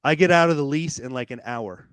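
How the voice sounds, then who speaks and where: A man telling a personal story as a podcast guest, animated and casual, swearing freely and repeating words as he hurries on. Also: a little high, a little fast, smooth, no room sound.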